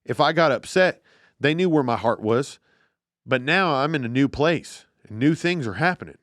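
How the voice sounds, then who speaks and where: A man's voice: medium pitch, expressive, normal speed, a bit bright, dry recording, studio quality, close to an everyday voice. A man putting on a mocking impression of an earnest, emotional male quarterback answering a press question. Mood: gushing earnest. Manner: sincere, gushing, mocking impression.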